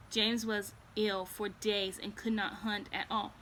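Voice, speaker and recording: Woman slowly reading a storybook aloud. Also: medium pitch, flat delivery, a bit bright, a little hiss or hum.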